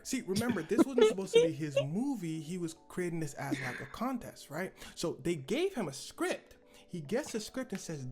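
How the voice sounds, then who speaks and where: A woman's voice: on the low side, huge pitch swings, moderate pace, mellow, soft background music. A woman co-hosting a casual reaction show, telling a story with animation and acting out the quoted lines. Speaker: co-host.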